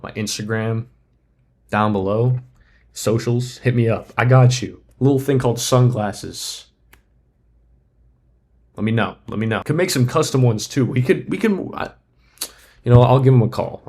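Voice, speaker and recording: A man hosting a casual comedy vlog, spinning a tongue-in-cheek theory in a deadpan, mock-serious way. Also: fairly low pitch, normal speed, pauses often. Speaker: sports comedy creator.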